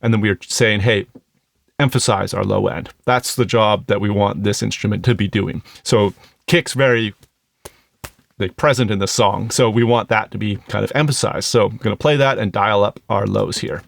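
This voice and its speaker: A man's voice: lowish voice, moderate pace, gravelly. A man reviewing an audio plugin in a casual, explanatory tutorial, thinking aloud as he goes. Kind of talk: casual screen-recorded tutorial.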